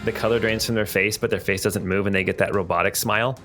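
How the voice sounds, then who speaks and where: A man's voice: fairly low pitch, fairly even intonation, quick pace, a bit bright, soft background music. A man narrating as game master of a tabletop game, casual and descriptive.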